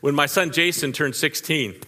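Bright-voiced older man preaching, echoey hall. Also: fairly high pitch, moderate pace. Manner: conversational, folksy anecdotes with audience asides. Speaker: pastor. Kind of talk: storytelling sermon.

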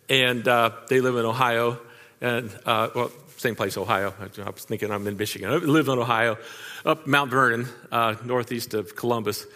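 In a large hall, an older pastor preaches through folksy family stories, chatting with the congregation in asides. His voice is medium-pitched, bright, and forceful.

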